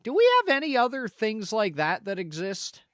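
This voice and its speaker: A man's voice: high voice, big pitch swings, normal speed, a bit bright, no echo, clean studio sound. A man streaming and chatting casually with his live audience, rambling, profane and self-mocking.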